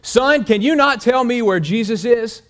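A man voicing a stern old male pastor who presses a boy with slow, pointed questions. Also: mid-range voice, very animated. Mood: stern questioning.

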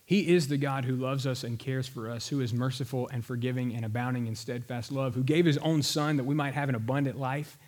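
A man preaching a sermon in a conversational, animated storytelling manner. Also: mid-range voice. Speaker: pastor.

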